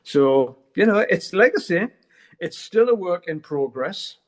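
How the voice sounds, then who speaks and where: Interview guest: middle-aged man, slightly high voice, rambling and candid, swears freely. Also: lively intonation, measured pace. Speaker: guest musician. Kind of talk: casual interview chat.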